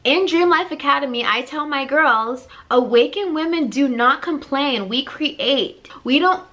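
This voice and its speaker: A woman's voice: high voice, lively intonation, unhurried, fairly bright tone. A woman life coach hosting her own channel, giving a blunt tough-love talk with lots of energy and repetition. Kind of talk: direct-to-camera motivational vlog.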